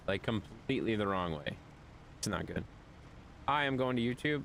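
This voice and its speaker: A man streaming a game live, chatting casually with his viewers, animated and playful with repeated phrases. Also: lowish voice, moderate pace, gravelly, long pauses, slight background noise.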